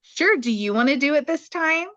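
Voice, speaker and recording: A woman's voice: sits high, animated, normal speed, fairly bright tone, dry recording, highs cut off. A young woman co-hosting a podcast, giving brief, agreeable replies. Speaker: podcast co-host. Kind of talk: casual chat.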